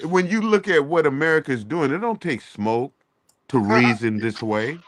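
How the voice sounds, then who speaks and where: A man's voice: mid-range voice, expressive, normal speed, dry recording. A man hosting a casual morning talk show, delivering a rambling, profane, preachy rant. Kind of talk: casual chat.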